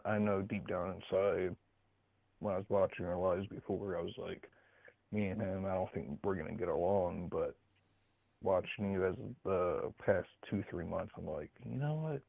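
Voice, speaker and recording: A man calls in over a tinny phone line, his low voice gravelly and dry. He pleads and stutters, circling back through the same words again and again. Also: no echo. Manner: repetitive, pleading, stuttering restarts. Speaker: caller. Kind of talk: call-in chat.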